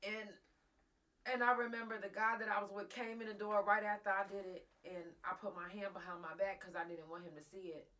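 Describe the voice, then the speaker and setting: Her pitch sits in the middle range, and her delivery is flat yet forceful, a little fast and bright. As host of a live talk show, this woman shares a raw, profane story from her own life, addressing listeners head-on while nearly crying.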